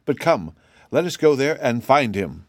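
A man's voice: medium pitch, very animated, moderate pace, no echo, pitched above the performer's own voice, close to an everyday voice. A man voicing an anxious, devoted grown man who is searching for his lost brother. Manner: anxious, pleading.

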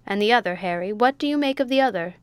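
A woman's voice: medium pitch, animated, quick pace, smooth, no echo, lightly acted. A woman reading an audiobook, voicing a bossy middle-aged male sea captain who barks orders. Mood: gruff. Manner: barking orders, blustering.

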